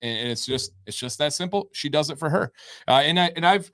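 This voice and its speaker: A man hosts a live-stream advice chat, reading questions and answering with upbeat emphasis. His voice sits a little high. The sound is dry and close, with little room echo. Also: animated, fairly quick, fairly bright tone. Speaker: show host giving beard advice.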